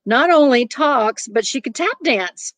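A woman voicing a spoiled, sharp-tongued younger sister who talks back, in a storybook reading. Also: sits high, lively intonation, measured pace, no echo, voice pushed up. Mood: snippy. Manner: snippy, sarcastic.

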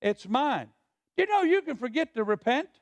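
A high-voiced man preaches to his congregation, calling out lines for them to repeat back. He swings between soft, hushed asides and raised scripture readings. The sound is dry and close, with little room echo. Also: big pitch swings, normal speed. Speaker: pastor. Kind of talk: call-and-response sermon. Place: church sanctuary.

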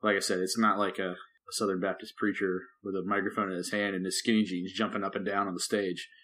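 A man who is a pastor and podcast co-host, talking casually in rambling, animated bursts full of restarts. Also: sits low, fast talker. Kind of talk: casual chat.

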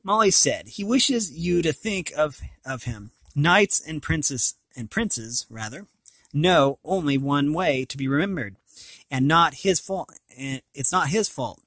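A man's voice: fairly high pitch, expressive, fairly bright tone, no room sound. Man reading a novel aloud, dry close sound. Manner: plain, unhurried reading with frequent slips and restarts. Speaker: reader.

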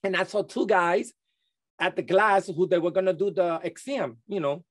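A middle-aged man, an interview guest recounting a personal testimony in halting speech full of restarts and repeated words. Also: sits high, fairly even intonation.

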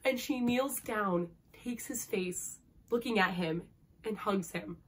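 A woman's voice: mid-range voice, slow pace, slight background noise. A young woman reviewing a book in a casual vlog, gushing and emotional, and peppering her talk with "like". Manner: gushing, emotional, heavy use of "like".

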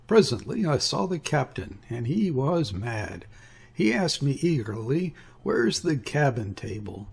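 A man reading a classic sea story aloud as a first-person narrator, measured and expressive. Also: mid-range voice, vocal fry, husky. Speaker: audiobook reader.

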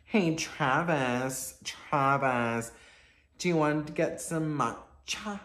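A man voicing a bored, snarky woman reality star in a slow, languid drawl. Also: a little high, fairly bright tone.

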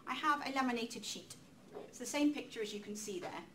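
A woman giving a public talk in a lecture room, lively and chatty, with self-deprecating asides. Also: on the high side, brisk. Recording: distant mic with faint room noise.

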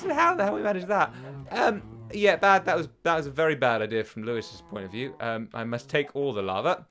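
A young British man chats his way through a video game, rambling and fretting aloud. His voice sits a little high and swings widely in pitch. Faint music plays underneath. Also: sing-song, fairly quick, bright, forceful tone. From United Kingdom. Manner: chatty, rambling, easily flustered with exclamations. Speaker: let's play host. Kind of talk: casual gaming commentary. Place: home bedroom.

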